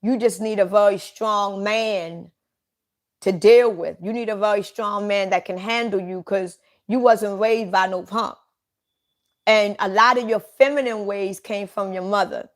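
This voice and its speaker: A woman giving a psychic reading straight to one listener, blunt and repetitive, with casual swearing. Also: mid-range voice. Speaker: psychic reader.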